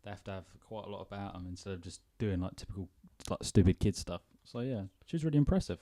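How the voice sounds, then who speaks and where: A man's voice: sits low, lively intonation, quick pace, dark tone. A man co-hosting a casual film podcast, rambling and self-deprecating, swearing casually. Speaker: podcast co-host. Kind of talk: casual film review chat.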